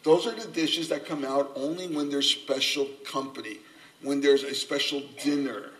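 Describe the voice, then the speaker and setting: An older man preaching a sermon, earnest and gently humorous, a self-described subdued speaker. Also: mid-range voice, moderate pace. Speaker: pastor. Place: church sanctuary. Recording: voice from a distance off the mic.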